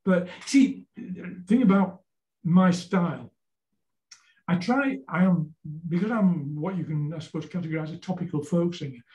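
An older Yorkshire man in his seventies tells stories in a casual interview, with a mellow, dark tone pitched fairly high. He rambles and stumbles over repeated words as he gets to the point. His voice rings in an echoey room. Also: moderate pace. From Yorkshire, England. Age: 70s. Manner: rambling, repeats words while telling anecdotes. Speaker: guest folk singer-songwriter.

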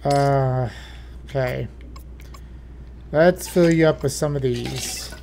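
A man's voice: mid-range voice, takes it slowly, creaky, darkish tone, a little hiss or hum. A man playing a horror game, talking to himself nervously with jumpy exclamations. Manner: nervous running self-talk, jumpy exclamations. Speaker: gaming let's player.

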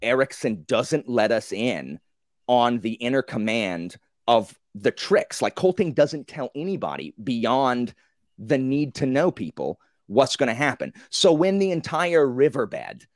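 A man in a casual group book discussion, telling the story with animated, acted-out reactions and many fillers. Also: mid-range voice, unhurried, dry recording, clean studio sound.

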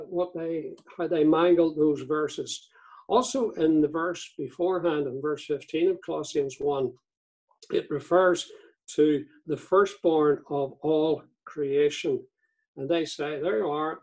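A man delivering a teaching sermon in a church, measured and deliberate, reading quotations aloud. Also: on the high side, a little mellow, slightly rough, poor audio. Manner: measured, reads court transcript and scripture aloud. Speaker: visiting speaker on cults.

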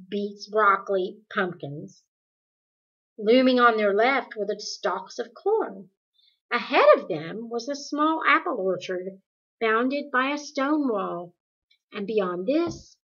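Slow, bright-voiced woman reading a novel. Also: medium pitch, breathy edge. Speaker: audiobook reader. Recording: dull lo-fi recording.

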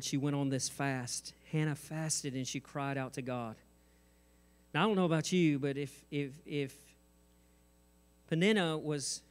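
A man preaches from a church stage in a slightly high voice. He moves between lighthearted asides and growing fervor, talking straight to his congregation. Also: clear, resonant tone. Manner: jokes and asides, rising intensity. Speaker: pastor. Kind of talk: sermon.

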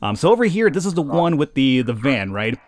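Young male let's-play host, lively chatty commentary, middle pitch. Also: brisk. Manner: chatty, laughs at callers, talks to units. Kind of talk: casual gameplay commentary.

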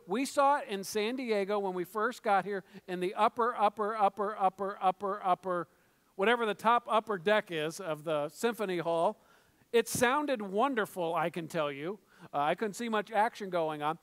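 A man's voice: high-pitched, a bit bright. A middle-aged man preaching a sermon as pastor, talking conversationally with joking asides and stumbled restarts. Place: church sanctuary. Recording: reverberant church hall.

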